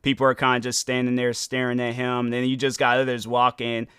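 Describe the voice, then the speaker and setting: A man's voice: mid-range voice, completely flat delivery, a little fast, a bit bright, clear, resonant tone, no echo, studio quality. A young man hosting a podcast, giving rambling, slangy commentary on a viral video. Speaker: podcast host.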